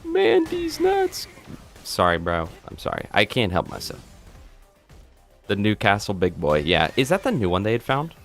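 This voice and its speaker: A man's voice: low voice, animated, normal speed, fairly bright tone, faint music behind. A man streaming a video game live, joking around and chatting to his viewers. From United States. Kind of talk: live gameplay commentary.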